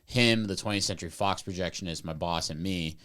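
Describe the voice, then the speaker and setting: A man's voice: sits low, fairly quick, fairly bright tone, clear, resonant tone. A young man co-hosting a podcast, telling a rambling story in a laid-back, casual way. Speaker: podcast co-host. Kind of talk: casual chat.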